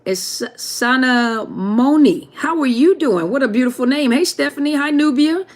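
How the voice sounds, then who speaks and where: A woman's voice: high-pitched, animated, moderate pace, darkish tone. A woman hosting a live question-and-answer stream, chatting casually and greeting viewers one by one by name.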